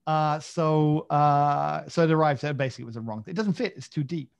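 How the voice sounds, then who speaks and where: A man's voice: fairly high pitch, fairly quick, vocal fry, hardly any pauses, clean tone. A man co-hosting a podcast in casual chat, rambling and self-mocking, with many fillers and restarts. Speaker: podcast co-host.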